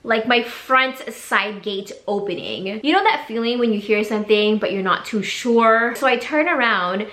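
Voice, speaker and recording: A young woman telling a story to her vlog audience in a chatty, animated way, full of fillers. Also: on the high side, normal speed, few pauses, reverberant. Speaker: vlogger. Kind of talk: casual storytime.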